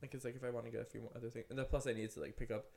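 A young man talks fast and loose, tumbling through a story with "like" in almost every breath. His pitch sits at an ordinary middle for a man. It is relaxed podcast chat. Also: creaky. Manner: rambling storyteller, heavy use of "like". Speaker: podcast co-host. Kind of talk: casual chat.

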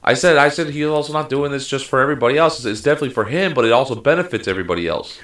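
A man's voice: medium pitch, rapid-fire, a bit bright. A man co-hosting a casual sports chat, talking heatedly and emphatically with lots of swearing. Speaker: podcast co-host.

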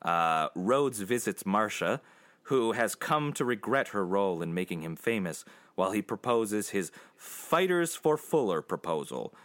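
A man's voice: on the low side, big pitch swings, fairly bright tone. A man casually recapping an old film's plot for his co-hosts, rambling with restarts and frequent laughs. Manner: rambling, laughs often, puts on quick voices for quotes. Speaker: podcast co-host summarizing a film. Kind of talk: casual chat.

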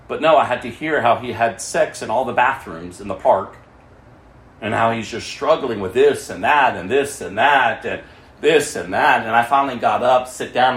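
A man giving a fervent sermon testimony, swinging from loud exclamations to low, hushed tones. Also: moderate pace, roomy sound, a little hiss or hum.

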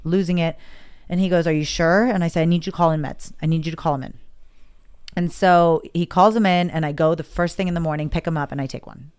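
A woman's voice: on the low side, fairly even intonation, quick pace, darkish tone, smooth. A woman candidly recounting a hard personal experience in conversation, emotional and quoting herself and others as she talks.

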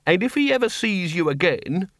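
A man voicing a calm, menacing werewolf. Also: high-pitched, no room sound, studio quality, pitched above the performer's own voice, full character voice. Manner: even, deliberate threats.

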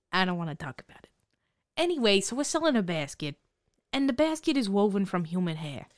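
A woman's voice: medium pitch, big pitch swings, normal speed, long pauses, no room sound, studio quality, natural voice. A woman playing a brash, profane basket seller in an improvised comedy sketch, talking with sarcastic dismissiveness. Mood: snarky. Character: brash foul-mouthed woman hawking hair baskets.

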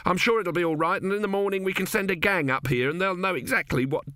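A man's voice: high-pitched, quick pace, sharp tone, no echo, clean studio sound, voice pushed up. A man voicing a nervous male pyramid builder who quavers and pleads in a raised, jittery voice. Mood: panicky.

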